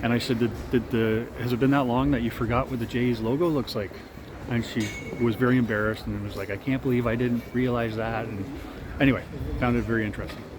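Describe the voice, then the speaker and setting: A Canadian man talks through a casual travel vlog at an everyday pitch, rambling along with plenty of ums and uhs. He records outdoors and from a car, with street and traffic noise clearly audible behind him. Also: steady tone, fast. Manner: chatty, rambling, with frequent fillers. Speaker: travel vlogger.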